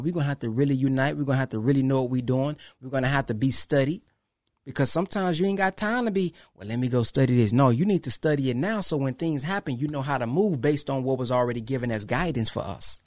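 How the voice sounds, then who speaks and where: A man hosts his own podcast in a casual monologue to followers, preaching emphatically, repeating phrases and acting out quoted exchanges. His mid-range voice is a little mellow, recorded at studio quality with no room sound.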